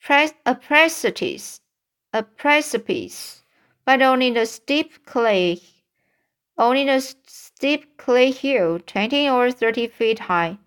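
A woman reading a children's storybook aloud in a halting way, often stumbling over words and starting them again. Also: fairly high pitch, lively intonation, fairly bright tone, smooth. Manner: halting, frequent stumbles and restarts. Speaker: audiobook reader.

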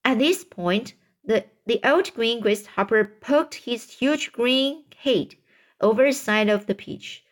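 A woman reads a children's storybook aloud at a slow, unhurried pace. Her voice sits fairly high, and she trips over words and restarts them. She lifts her voice for the characters' shouted lines. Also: animated. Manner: slow, halting read-aloud with stumbles and restarts. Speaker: reader. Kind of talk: reading a children's book aloud.

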